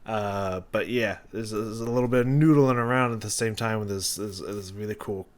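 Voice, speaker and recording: Male reaction host, casual song breakdown, halting and rambling, restarts often. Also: on the low side. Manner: rambling, thinking aloud with many restarts and fillers. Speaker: music reaction youtuber.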